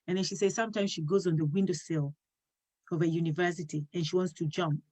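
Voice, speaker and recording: A woman's voice: lowish voice, fairly even intonation, fast talker, dark tone. Earnest storytelling woman host. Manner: earnest storytelling, acting out quoted dialogue. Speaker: talk show host. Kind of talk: casual talk show conversation.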